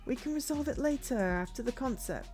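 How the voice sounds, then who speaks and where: A woman's voice: high voice, expressive, a little fast, darkish tone, faint music behind, pitched above the performer's own voice. A woman voicing a tired young male band leader who sounds weary and defensive.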